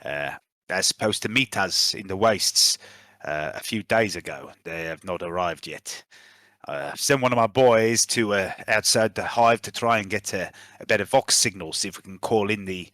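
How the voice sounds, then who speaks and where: A man voicing a gruff, guarded male mercenary in a put-on South African accent, talking with a hesitant drawl. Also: lowish voice, moderate pace, fairly bright tone, no room sound, studio quality, voice pushed down, close to an everyday voice. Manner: hesitant, filler-heavy drawl.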